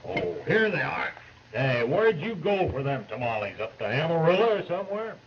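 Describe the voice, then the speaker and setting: A friendly outlaw cowboy who jokes and talks in a folksy way. His voice sits a bit high. It comes through a dull old film soundtrack with a faint hiss. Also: sing-song, normal speed. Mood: joshing. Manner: folksy, joshing. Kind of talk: 1930s film acting.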